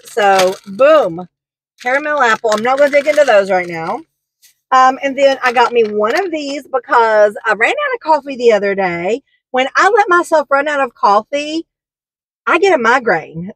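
A woman's voice: on the high side, fairly bright tone, poor audio. A woman chatting through a shopping haul, gushing and rambling with lots of fillers. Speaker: haul vlogger. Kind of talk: casual product haul chat.

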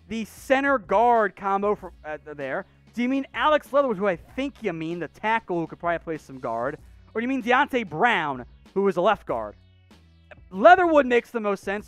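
A sports show host tears through viewer questions in casual mailbag commentary, blunt, opinionated and sarcastic. The delivery is lively, with pitch leaping up and down in rapid-fire bursts. The voice sits dry and close, with faint music underneath. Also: no echo. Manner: animated, rapid-fire ranting with restarts.

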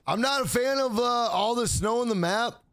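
A man's voice: extremely high pitch, normal speed, a bit bright, no room sound. A man streaming a game, chatting casually with his viewers in a joking, profane way. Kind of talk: casual gaming livestream chat.

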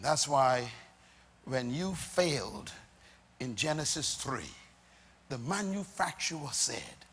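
A Bahamian man preaching a sermon, asking the crowd questions and answering them, dropping soft and then rising to loud emphatic lines. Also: a little high, sing-song, slow, long pauses, breathy edge, big-room sound. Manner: emphatic, call-and-response questions, swings between soft and loud.

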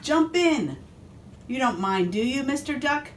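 A cheerful, bossy cow from a picture book who barges in uninvited and sounds delighted about it, as a woman reads her. Her voice is raised and brightly breezy. A faint hiss sits behind. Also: moderate pace, echoey room, lightly acted. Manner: breezy, pushy, lifted high.

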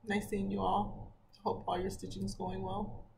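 A woman joining a casual chat as the host's friend, shy and quiet, giving short replies. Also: medium pitch, flat delivery, measured pace, vocal fry, noisy background. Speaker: host's best friend, guest.

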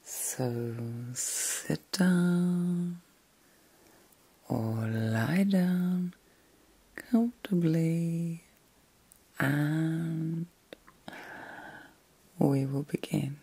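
A middle-aged woman hosting a whispered ASMR vlog from bed at night, talking in a slow, soothing and reflective way. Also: sits low, steady tone, mellow, slightly rough. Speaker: ASMR host.

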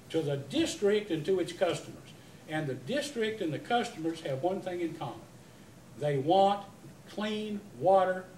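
With a distant mic catching the echo of the hearing room and slight background noise, a man serving as utility commissioner presses a witness at a public hearing. His voice is a little high, and his emphatic questioning rambles and restarts repeatedly.

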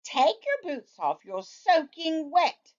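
A woman voicing a calm, firm mother giving orders, in a dull lo-fi recording. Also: sits high, takes it slowly, pitched above the performer's own voice, heavily acted. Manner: firm, calmly bossy.

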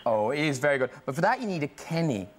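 A man's voice: on the high side, sing-song, fast talker, slight background noise. A man with an Irish accent hosting a TV talk show, cheeky and teasing, laughing through his chat. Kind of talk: comic studio chat. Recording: TV studio with live audience.

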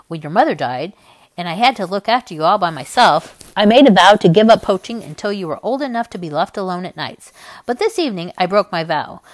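A woman reading aloud and voicing a gentle father who fondly tells his son a poaching trick, her voice dropped a little low. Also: no room sound, lightly acted. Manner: fond, storytelling.

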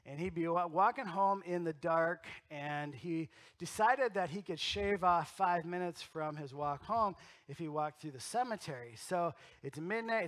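A middle-aged man pastor delivers a storytelling sermon in a church. His voice sits high for a man and rings bright and forward. He swings from punchy, loud emphasis to soft, intimate asides. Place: church sanctuary.

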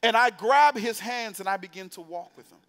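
A man's voice: high voice, brisk, fairly bright tone. A man preaching to young adults in a church, telling a story in a playful, conversational way and putting direct questions to the congregation. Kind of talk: storytelling sermon. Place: church sanctuary.

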